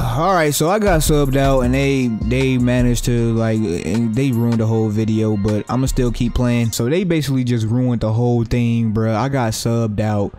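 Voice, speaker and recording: A young man giving live, profane, trash-talking commentary over his own basketball video game play, breaking into sudden excited yelps. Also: mid-range voice, normal speed, hardly any pauses, faint music behind. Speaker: gaming YouTuber.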